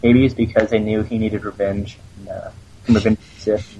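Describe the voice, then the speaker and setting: A man's voice: lowish voice, flat delivery, brisk, mellow, slight background noise. A man co-hosting a casual fan podcast, chatting and joking in a rambling way that trails off. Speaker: podcast co-host. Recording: muffled lo-fi podcast audio.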